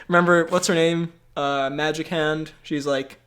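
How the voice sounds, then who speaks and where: Guy chatting on a podcast, slightly high voice, keeps cracking up and rambling. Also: slow, fairly bright tone. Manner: laughs often, rambling with fillers. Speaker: podcast co-host. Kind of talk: casual chat.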